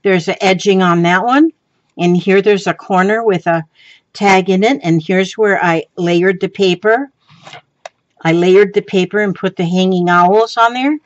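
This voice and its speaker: A woman crafting vlogger talks unhurriedly at a middling pitch, rambling through her show-and-tell with lots of ums and restarts. She giggles easily. The home video sound is dull and lo-fi. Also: measured pace, no echo. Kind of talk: casual show-and-tell chat.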